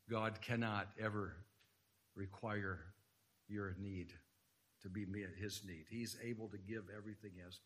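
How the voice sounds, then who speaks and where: A man's voice: on the low side, a bit bright. A man preaching an earnest sermon in a church, quoting scripture and rising to emphatic points. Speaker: guest preacher. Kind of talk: sermon lecture.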